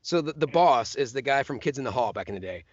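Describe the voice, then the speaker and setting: Dull audio and crowd noise surround this medium-pitched man, who talks quickly. He's a guest voice actor in a relaxed chat, spinning animated stories, dropping into character voices and laughing as he goes.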